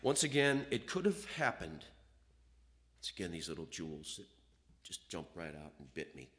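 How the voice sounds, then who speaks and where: A man's voice: sits low, moderate pace. A man preaching a sermon, reading scripture aloud and acting out the voices of the people in it. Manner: animated, acts out quoted voices, reads scripture aloud.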